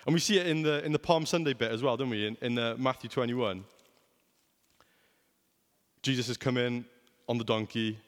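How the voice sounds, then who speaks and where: A man's voice: medium pitch, moderate pace, pauses often, in a large hall. A young man preaching a sermon in a conversational way, often asking rhetorical questions.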